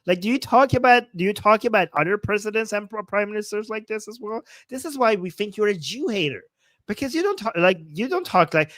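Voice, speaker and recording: A man's voice: high-pitched, sing-song, brisk, a bit bright, no echo. A man commentating on a livestream, reacting to a clip with sarcastic, exasperated rebuttals.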